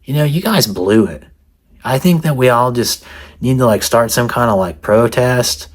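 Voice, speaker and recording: A man's voice: mid-range voice, moderate pace. A man giving a mock-serious, sarcastic comedic rant to the camera as a vlogger. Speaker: satirical vlogger.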